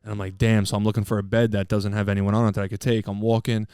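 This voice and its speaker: A man co-hosting a podcast with a quick, smooth delivery. He tells a long story in loose, profane casual chat and laughs along the way. His voice is close and dry on the mic. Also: on the low side, level tone, warm tone, dry recording. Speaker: podcast co-host. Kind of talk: casual storytelling among friends.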